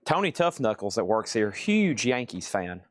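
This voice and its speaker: A man's voice: fairly low pitch, big pitch swings, normal speed, slight background noise. A man selling vinyl records in a live-streamed auction from a record store, chatting and joking between calling out prices. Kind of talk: live auction sales patter.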